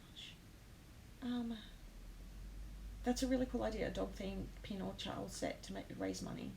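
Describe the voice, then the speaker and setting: A woman hosting a casual live stream, talking straight to her viewers and reading their comments. Her voice carries a gravelly edge, and she fills her pauses with ums. A faint hum sits in the background. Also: medium pitch, huge pitch swings, dark tone, rough recording. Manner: emotional, many ums, talks to comments. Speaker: host of a planner live stream.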